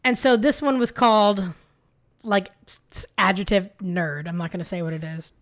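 A woman's voice: medium pitch, normal speed. Chatty woman telling a wild date story. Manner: animated, swearing, lots of fillers. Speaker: podcast co-host. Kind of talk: casual storytelling chat.

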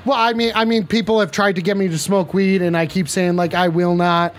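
A man hosting a mock call-in show on his stream, talking in excitable, profane, flustered outbursts. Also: high-pitched, a little fast, faint music behind. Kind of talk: comedic live-stream banter.

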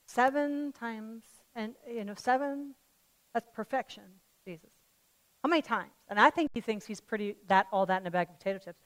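A woman pastor preaching a sermon, swinging between loud fervent declarations and quiet conversational asides, telling a parable in a chatty way. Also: mid-range voice, normal speed. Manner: tells a parable in a chatty storytelling way.

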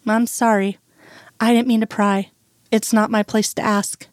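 A woman voicing a reserved young woman who speaks in a measured, apologetic way. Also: on the high side, flat delivery, no room sound, studio quality, close to an everyday voice. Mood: guarded. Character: a reserved young woman, kind but guarded.

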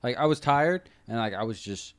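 Smooth rambling man, dry close sound. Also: mid-range voice, lively intonation, moderate pace, no echo. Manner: rambling, full of "like" fillers and restarts. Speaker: podcast regular telling a story. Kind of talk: casual chat.

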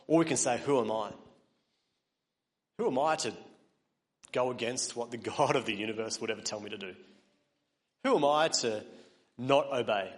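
A man preaching a sermon, earnest, building to emphatic peaks and then dropping quiet. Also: mid-range voice, normal speed, long pauses, big-room sound. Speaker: pastor.

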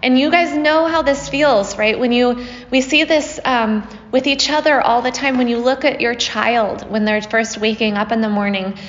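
A woman's voice: a little high, steady tone, normal speed, big-room sound, dull audio. A woman casually retelling a myth to a group she is teaching, with a chatty manner and frequent "right?" checks. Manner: conversational, often asks "right?" with fillers.

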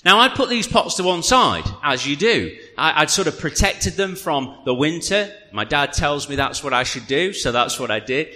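Male pastor, bright lively voice, chatty humorous preacher, reverberant church hall. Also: on the high side, normal speed, few pauses. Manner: chatty, humorous, animated storytelling. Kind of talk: sermon with personal storytelling.

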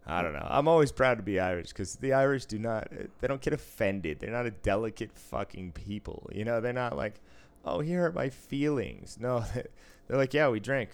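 Deep-voiced man, laughing and swearing. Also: animated, normal speed, few pauses, smooth. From Boston area, US. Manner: profane, rambling, laughs a lot. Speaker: podcast co-host, casino dealer. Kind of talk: casual chat.

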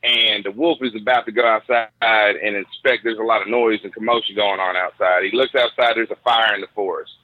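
A man's voice: lowish voice, fairly even intonation, brisk, few pauses. A man retells a story in loose, profane slang, chatting casually as a host. His voice sounds tinny, like a phone line. There is no room echo at all.

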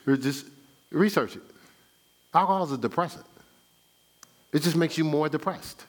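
Preacher guy, kinda high voice, lots of "right?" and "you know what?" questions to the church. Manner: animated preaching with rhetorical questions and call-and-response; reads scripture aloud in a slow cadence. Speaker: pastor. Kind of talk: sermon.

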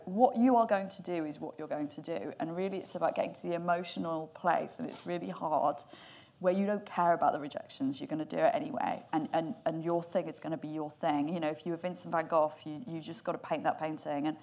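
A woman speaking as a guest filmmaker on a panel in front of a live audience. She talks openly and with energy and swears now and then. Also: lowish voice. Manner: candid, animated, swears casually. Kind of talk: panel discussion.

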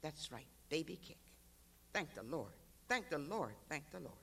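A reader voicing a pregnant country wife, torn between defiance and prayer, in a live reading of a novel. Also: male voice, a little high, sing-song, measured pace, creaky, a bit bright, in a large hall, a little hiss or hum, heavily acted. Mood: tearful prayer.

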